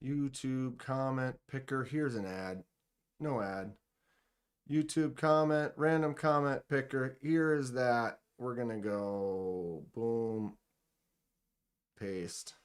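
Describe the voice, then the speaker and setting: A live stream host giving something away reads viewer comments aloud casually, muttering to himself as he clicks around. He talks slowly in a clear, resonant, mid-range voice.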